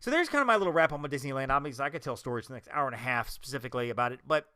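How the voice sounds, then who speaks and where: A man chatting fast with a bright, forceful voice, his pitch bouncing all over. He is an excited storyteller who acts out the quotes he tells. The sound is close and dry. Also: clean tone, no room sound. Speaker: podcast co-host. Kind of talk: casual chat.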